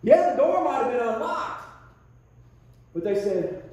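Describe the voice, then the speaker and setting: High-voiced pastor guy preaching folksy stories, big echoey church, kinda far from the mic. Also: very animated, darkish tone. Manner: folksy storytelling preacher, drawn-out emphatic points. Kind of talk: sermon. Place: church sanctuary.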